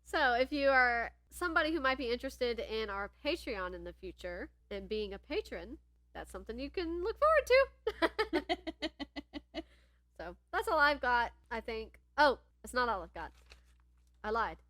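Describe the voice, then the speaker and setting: Bright, giggly woman podcast co-host. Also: on the high side, animated, normal speed, no echo. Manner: chatty, laughs often, rambling. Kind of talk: casual chat.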